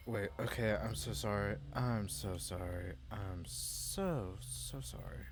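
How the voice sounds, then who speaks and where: A man giving casual let's-play commentary, a little tipsy, rambling and apologetic, with sudden excited outbursts. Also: on the low side, takes it slowly, hardly any pauses. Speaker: gamer playing through a video game. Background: game music.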